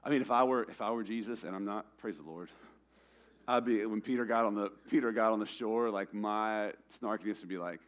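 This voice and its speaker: A young man with a slightly low voice preaches in a church, talking like a friend rather than from a pulpit. He acts out the characters in quick asides, rising loud and excited, then dropping to a near hush. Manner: conversational preaching with casual slang and acted-out quotes; swings from loud and emphatic to low and hushed. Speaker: pastor. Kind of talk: sermon.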